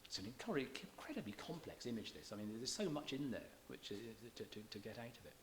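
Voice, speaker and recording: A scholarly man lecturing on poetry at a middle pitch, his delivery measured and careful, slowing to stress the beats when he reads verse aloud. A faint hiss sits under the recording. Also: sing-song. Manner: halting restarts, scholarly. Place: church hall.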